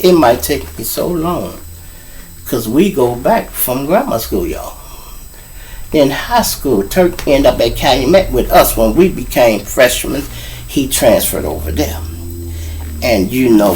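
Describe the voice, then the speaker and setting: A middle-aged man from Chicago with a Chicago accent, hosting a show and telling street stories in a casual, animated way, acting out the people in them. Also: mid-range voice, slight background noise, low-quality recording. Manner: animated, acts out voices of people in his stories. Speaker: storyteller host.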